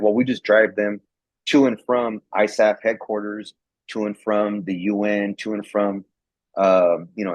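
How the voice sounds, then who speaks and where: Husky low-voiced man telling a story. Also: no room sound. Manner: rambling, repeats words, acts out quoted dialogue. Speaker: guest, former National Guard soldier. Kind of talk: casual storytelling. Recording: dull lo-fi sound.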